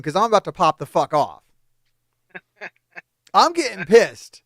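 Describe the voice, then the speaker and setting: Host from New Jersey, high expressive voice, swears freely, dry mic. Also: male voice, unhurried, pauses often, no echo. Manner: profane, ranting, loud outbursts. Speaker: podcast host. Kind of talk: casual wrestling review chat.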